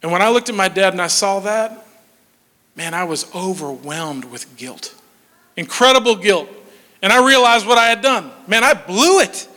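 Man in his forties, high voice, animated storyteller who drops to a hush, hall echo. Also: moderate pace. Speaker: speaker telling a personal story. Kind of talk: storytelling talk to an audience. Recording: long hall reverb.

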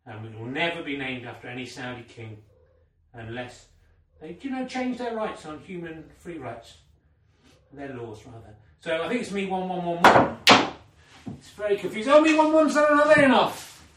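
A man's voice: on the high side, expressive, moderate pace, fairly bright tone. A man commentating on a snooker game he plays against himself, in a mock sports commentary style with dry, self-mocking asides. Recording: roomy sound from a distant omni mic.

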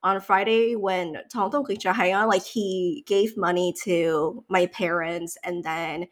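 A woman in her thirties in casual chat, telling a long story in a lively way, full of likes and you-knows. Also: fairly low pitch, slow. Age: 30s.

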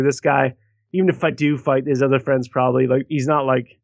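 Male co-host, 30s, animated profane storyteller, dry close mic. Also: medium pitch, a little fast, gravelly, no room sound. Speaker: podcast co-host. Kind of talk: casual chat.

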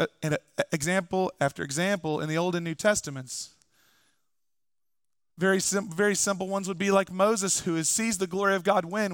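A man's voice: sits high, fairly bright tone, no room sound, clean studio sound. A man preaching a sermon as pastor in a church, conversational, with joking asides, recovering from an illness.

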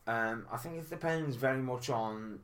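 A man's voice: mid-range voice, moderate pace, a bit bright. Liverpool guy on a podcast, mild scouse lilt, lots of ums, kinda earnest. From Liverpool, England. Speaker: podcast co-host. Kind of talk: casual film review chat.

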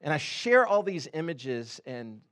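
A man in his thirties preaching a sermon in a conversational way, telling stories with many fillers and sudden animated bursts. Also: a little high, unhurried. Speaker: pastor.

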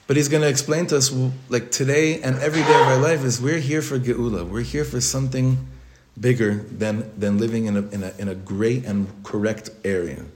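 With a mid-range, slightly mellow voice and fairly even intonation, a man briskly leads an informal Torah class for his congregation in an echoey synagogue study hall, with slight background noise. The rabbi speaks conversationally, restarting at times, adding joking asides and using many Hebrew and Yiddish terms.

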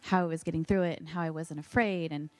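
A woman giving a heartfelt testimony at a church service, earnest and halting, with fillers. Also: low-pitched, fairly even intonation, a little mellow, no room sound, faint music behind. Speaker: pastor's wife sharing testimony. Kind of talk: sermon testimony.

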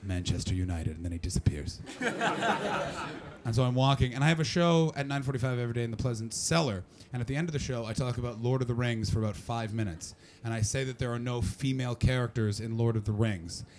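A brash male stand-up comic with a gravelly edge to his voice, riffing on the crowd and telling profane, animated stories. He performs in a small cellar club with the audience laughing along. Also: medium pitch, quick pace, slight background noise. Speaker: stand-up comedian. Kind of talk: stand-up comedy with crowd work. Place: comedy club cellar venue.

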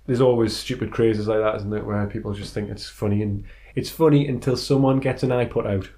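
A man's voice: on the low side, steady tone, brisk, mellow. Jokey man co-hosting a podcast. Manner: jokey, swears freely, reads listener emails aloud. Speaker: podcast co-host. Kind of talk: casual chat.

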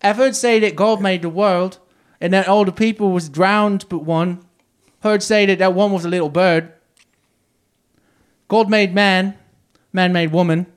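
A man's voice: fairly high pitch, unhurried, pitched above the performer's own voice, lightly acted. A man voicing a young working-class boy from the 1850s, reading his simple, earnest words in a raised voice.

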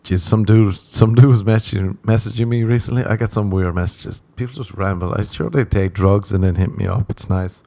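A man's voice: fairly low pitch, fairly even intonation, brisk, gravelly, hardly any pauses, dark tone, dry recording. An Irish man hosting a podcast, rambling through a comic monologue and swearing freely, with a self-mocking manner. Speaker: podcast host.

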